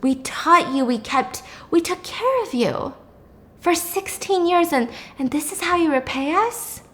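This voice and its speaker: A woman voicing a scheming male doctor who talks softly and persuasively to a captive girl. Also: very high-pitched, lively intonation, measured pace, pitched above the performer's own voice, full character voice. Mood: pleading.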